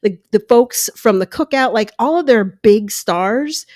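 Recording at home with headphones and a close mic, a woman podcast host talks through her opinions in casual solo commentary, full of asides and quoted voices. Her voice is fairly high, animated and a little mellow, at a measured pace. The sound is dry and studio quality, with a dog lapping water in the background.

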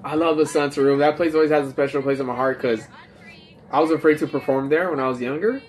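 On a phone livestream with faint background noise, a tipsy man, a comedian and podcast host, chats loosely, rambling and swearing. His voice is a little high with a steady tone, and he talks fast.

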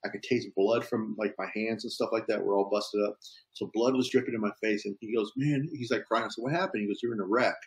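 A man's voice: on the low side, level tone, fast, rough recording. A police officer telling a story in a casual, easygoing way, often tossing in "man". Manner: easygoing, peppers talk with "man".

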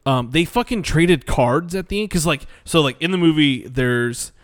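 A man's voice: fairly high pitch, lively intonation, moderate pace, dry recording. A man with a slightly raised voice talks in loose, rambling bursts, swearing freely and losing his train of thought. He is recorded very close and dry, with almost no room sound. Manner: rambling, swearing, laughing, trailing off. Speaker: podcast co-host reviewing bad movies. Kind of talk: casual profane chat.

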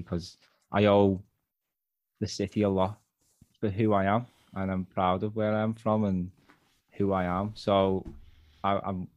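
A man's voice: low-pitched, darkish tone, no room sound. A man with a Liverpool accent, a guest author talking earnestly in a casual interview, often restarting his phrases. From Liverpool, England.

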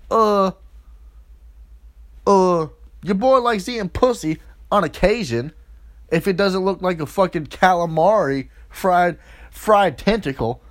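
A man with a high voice rants through a crude comic monologue, his pitch swinging all over the place. His tone is profane and mocking, and he keeps jumping into quoted voices. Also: animated, a little slow. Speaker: podcast host.

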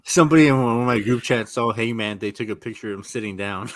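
A man's voice: mid-range voice, fast, a bit bright, dry recording, studio quality. A man co-hosting a casual wrestling chat, rambling nostalgically and chuckling as he talks. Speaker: co-host.

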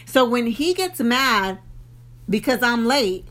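A woman with a bright, slightly high voice co-hosts a casual faith podcast. She talks in an animated, confessional way and turns often to address her listeners directly. The chat stays informal and lively. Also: slow. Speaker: podcast co-host.

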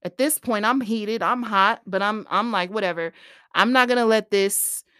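A woman's voice: mid-range voice, normal speed, clear, resonant tone, dry recording, studio quality. A woman in her thirties hosting a podcast, telling a story in a casual, exasperated way and acting out the quoted lines. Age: 30s. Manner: animated, exasperated retelling with quoted dialogue. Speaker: podcast host.

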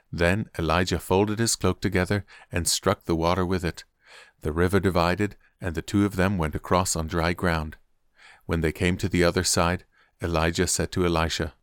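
A man with a very low, deep voice reads scripture aloud in a measured, deliberate storytelling manner. The recording is close and dry, with no room sound. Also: smooth, no echo. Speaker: Bible reader.

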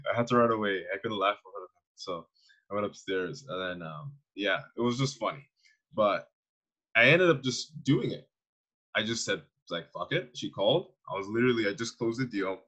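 A man's voice: on the low side, moderate pace, rough recording. A young man in his twenties from Canada, a fitness coach telling stories as a guest in a casual, slangy way and laughing often. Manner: slangy, animated storyteller who laughs often. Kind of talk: casual conversational interview.

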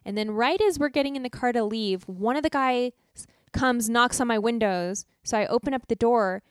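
High, animated American woman podcaster. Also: normal speed, clear, resonant tone, no room sound, clean studio sound. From United States. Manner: animated storytelling, laughs often. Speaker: podcast co-host. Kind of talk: casual travel chat.

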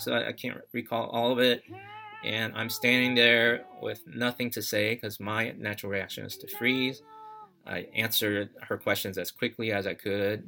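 A man telling a personal story as podcast host, reflective and halting, with many fillers and restarts. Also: fairly low pitch, fairly even intonation, gravelly, bright, forceful tone.

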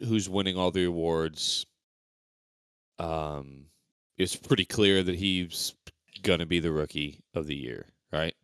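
A man in his thirties co-hosting a casual sports podcast, wry, his voice deeper while recovering. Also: a bit bright, clear, resonant tone, no room sound, clean studio sound. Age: 30s. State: voice recovering, deeper than usual. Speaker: podcast co-host.

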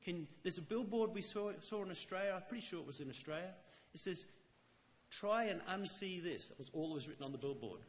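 A man giving a sermon in a church, talking earnestly and conversationally, slowing down to stress key lines. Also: on the high side, in a large hall. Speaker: lay church speaker. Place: church chapel.

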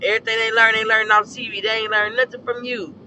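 Hoarse, blunt man ranting over street noise. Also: high-pitched, little pitch movement, quick pace, pushed and bright, poor audio. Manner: blunt, profane and preachy. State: hoarse from a scorched throat. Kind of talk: casual opinion rant.

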